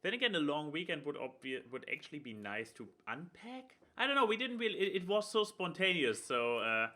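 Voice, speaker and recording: Bright-voiced young man, halting chat. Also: fairly high pitch, sing-song. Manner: halting, many fillers and restarts. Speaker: podcast co-host. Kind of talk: casual chat.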